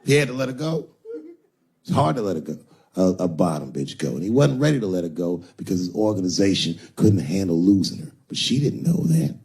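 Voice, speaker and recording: A man's voice: deep voice, very animated, a little fast, darkish tone, slightly rough. A male stand-up comedian telling a crude, punchy story on stage.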